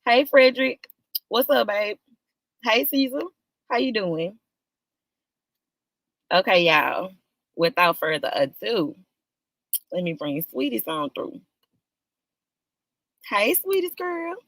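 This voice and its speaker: A woman runs a live stream and greets her viewers by name in loose, casual talk. Her greetings stretch out and leap up high, then settle back to her middle-pitched voice. The sound is dry and close, with no room around it. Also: lively intonation, dry recording. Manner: warm, drawn-out greetings with sudden high lifts.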